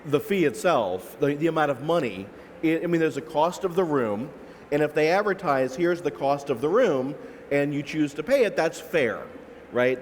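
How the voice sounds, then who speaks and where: Man, fairly high voice, analytical panelist, halting restarts, echoey hall with faint background hum. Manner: analytical, many restarts and "right?" asides. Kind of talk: explanatory panel talk. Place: large expo hall.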